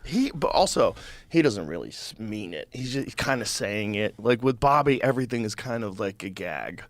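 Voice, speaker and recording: A man's voice: lowish voice, moderate pace, dry recording. A man hosting a podcast in casual chat, telling stories and acting out quoted voices. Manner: animated storytelling, acts out quoted voices. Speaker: podcast host.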